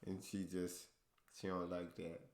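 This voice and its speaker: A man co-hosting a reaction video, talking in an animated, playful way. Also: deep voice, measured pace, echoey room. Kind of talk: casual reaction chat.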